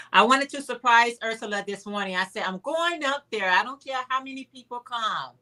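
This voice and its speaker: A woman's voice: on the high side, expressive, normal speed, bright, forceful tone. A woman who has just joined a livestream panel, chatting cheerfully. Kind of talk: casual chat.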